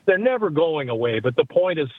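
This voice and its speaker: Calling a radio show from his car mid-drive, this man rambles and thinks aloud, very animated and brisk. His voice is a little high, and the tinny phone line is very noisy.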